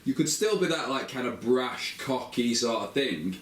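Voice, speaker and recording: A man's voice: mid-range voice, expressive, normal speed. Chatty man, echoey room. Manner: agreeable, chatty, wraps things up. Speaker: podcast co-host. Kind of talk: casual podcast chat.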